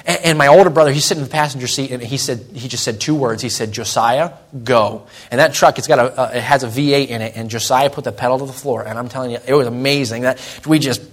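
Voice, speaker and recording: A young man preaching to his church, telling a personal story in an earnest way and slowing to press his points home. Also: mid-range voice, a bit bright, breathy edge. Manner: earnest storytelling, slows and presses on key lines. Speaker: pastor.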